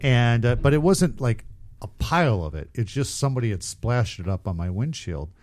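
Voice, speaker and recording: A man's voice: mid-range voice, very animated, moderate pace, a little mellow, a little hiss or hum. A man casually telling a rambling, profane story on a podcast, often laughing at himself. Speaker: podcast co-host.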